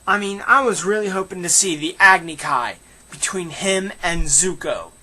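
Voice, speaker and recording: A voice with a bright, sharp edge talks through a casual film review. The delivery is opinionated and animated, with mocking asides thrown in. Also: mid-range voice, moderate pace.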